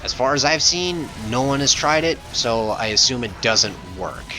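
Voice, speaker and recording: Gaming guy doing voice-over, cursing and annoyed, bright sharp voice, a bit of music under it. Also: mid-range voice, lively intonation, normal speed. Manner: profane, exasperated ranting. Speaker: gaming channel host. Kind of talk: gameplay commentary voice-over.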